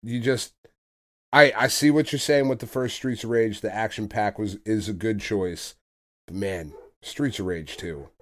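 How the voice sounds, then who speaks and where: This podcast co-host has a fairly low voice and talks at a normal speed, trading loose, profane banter in a casual chat and laughing frequently.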